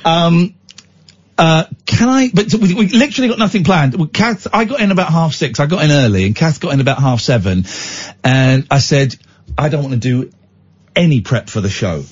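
A man's voice: on the high side, moderate pace, breathy edge, lo-fi sound. A man hosting a radio show, chatting casually and teasing his co-host with jokes. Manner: animated, teasing, jokey.

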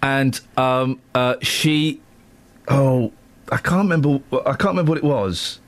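A man's voice: medium pitch, measured pace. A man hosting a radio show, chatting casually and telling jokey stories. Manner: jokey, storytelling, animated.

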